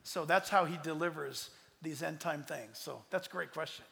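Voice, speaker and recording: A man in his sixties, a pastor answering audience questions in an emphatic, rambling way that swings between loud and soft. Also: a little high, moderate pace, vocal fry. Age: 60s. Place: large hall with audience. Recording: long hall reverb.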